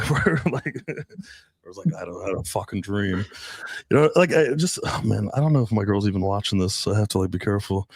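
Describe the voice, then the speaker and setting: A man's voice: brisk, no echo. Swearing man telling stories in casual chat. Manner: crude, swears freely, acts out dialogue with swings in pitch. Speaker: dating coach.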